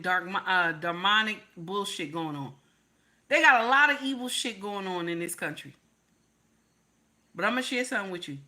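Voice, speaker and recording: A woman's voice: medium pitch, bright, forceful tone. An American woman hosting a live stream, ranting to viewers in a profane, emphatic way and repeating her points. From United States. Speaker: livestream host.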